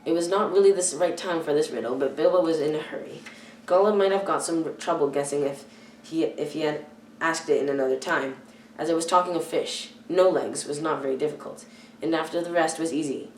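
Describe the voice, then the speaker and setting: A teenage girl reading a children's novel aloud, careful and halting, often stumbling and correcting herself. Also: low-pitched, a little hiss or hum. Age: teens. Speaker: youth reader. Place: church hall. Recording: echoey room, far from the mic.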